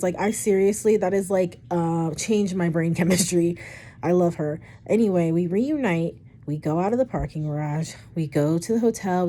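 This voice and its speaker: A young woman casually retelling a personal story for her vlog, chatty and rambling, with frequent swearing and animated asides. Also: mid-range voice. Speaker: storytime vlogger.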